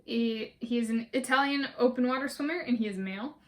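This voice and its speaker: A woman's voice: fairly high pitch, brisk. A woman vlogger talking casually and methodically through a list, with many fillers and restarts. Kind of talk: casual spoken list walkthrough.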